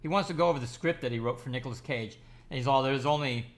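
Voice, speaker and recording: A man's voice: mid-range voice, racing, loud music behind the voice. A man giving an enthusiastic, rambling movie review, talking casually with frequent restarts and fillers.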